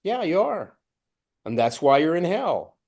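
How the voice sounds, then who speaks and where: Man, spiritual teacher, reflective talk, slightly raised pitch, acts out inner voices. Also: sing-song, measured pace, a little mellow. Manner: acts out his own inner voices, rising to a strained high pitch.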